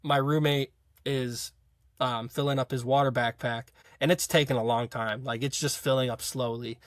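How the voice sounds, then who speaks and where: A young college football player telling a story in a casual interview, rambling with frequent fillers and restarts. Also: male voice, medium pitch, fairly even intonation, normal speed, no echo, clean studio sound. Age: young adult.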